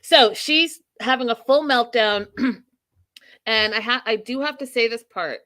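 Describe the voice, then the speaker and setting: A woman's voice: on the high side, unhurried, sharp tone. A woman hosting a casual reality TV recap chat, talking with animation, acting out quotes and laughing often. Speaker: host.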